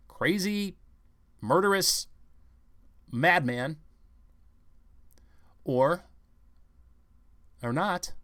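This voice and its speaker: Fairly high-voiced man ranting in commentary. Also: a bit bright, dry recording, clean studio sound. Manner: rambling, edgy and confrontational, with rhetorical questions. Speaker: vlog commentator. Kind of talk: conspiratorial news commentary.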